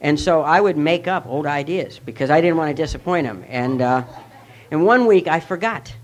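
A man's voice: on the high side, moderate pace. A man sharing a personal recovery story with a candid, self-mocking manner. He rambles, using many fillers and restarts.

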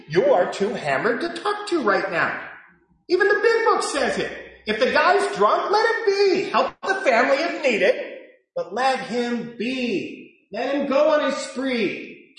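A man in his sixties sharing his personal story with a live audience at a recovery meeting, animated and swinging between loud and hushed. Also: extremely high pitch, unhurried. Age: 60s. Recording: echoey hall recording.

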